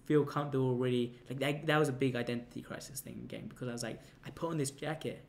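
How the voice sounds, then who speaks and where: A young man rambling through a personal story, stumbling over restarts and piling on fillers. His voice sits at an ordinary mid pitch, and a faint ambient hum lingers under the recording. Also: steady tone, fast, creaky. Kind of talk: casual anecdote telling.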